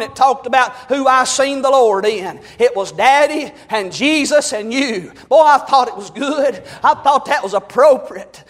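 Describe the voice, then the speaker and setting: A man preaching a fervent sermon, rising to shouts. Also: extremely high pitch, in a large hall.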